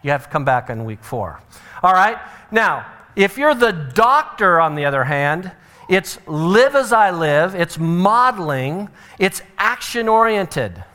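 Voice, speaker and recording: A middle-aged man preaching a sermon as pastor, telling stories with animated acted-out quotes. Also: fairly high pitch, measured pace.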